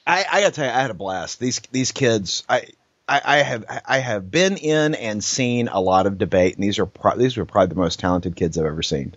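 A man's voice: fairly low pitch, animated, brisk, no room sound, muffled recording. A man co-hosting a podcast, telling stories in a rambling casual way with many restarts and laughs. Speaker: podcast co-host. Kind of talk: casual chat.

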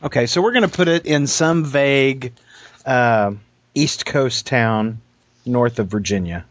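A man telling an anecdote and chatting with friends, animated and halting, with many restarts, over dry, slightly dull audio. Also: medium pitch, no room sound. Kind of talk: casual storytelling and chat.

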